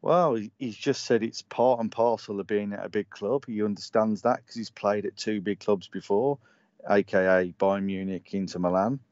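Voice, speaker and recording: A man's voice: fairly low pitch, fairly even intonation, normal speed, a little mellow, no room sound, lo-fi sound. A man co-hosting a fan stream, giving blunt opinions in casual chat and often restarting his sentences. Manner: opinionated, restarts and stumbles on words. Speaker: co-host and pundit.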